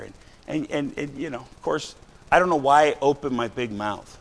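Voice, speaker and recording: A man preaching a sermon, talking to the congregation in a casual way, with many "right?" and "you know" asides and shouts for emphasis. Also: mid-range voice, normal speed, creaky, slight background noise. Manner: conversational, rising to shouts of emphasis.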